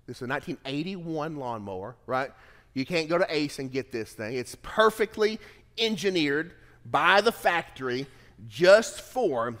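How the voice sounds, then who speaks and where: Middle-aged male pastor, earnest sermon delivery, slightly high voice, long church reverb. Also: animated, measured pace. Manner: earnest storytelling, swells louder on key phrases.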